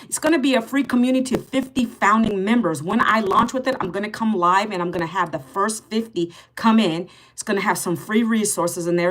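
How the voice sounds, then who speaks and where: A woman's voice: mid-range voice, a bit bright. A woman in her fifties chatting on a live stream, greeting viewers by name and answering their comments, bluntly sarcastic with rude ones. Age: 50s. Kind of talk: casual live stream chat.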